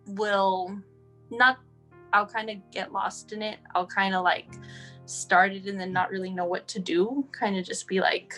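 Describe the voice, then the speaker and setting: Woman from Texas, interview guest, rambling and chatty, mid pitch, faint guitar under her. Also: a bit bright. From El Paso, Texas. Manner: rambling, chatty, many fillers. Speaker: guest, mother of a sick child. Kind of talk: casual interview.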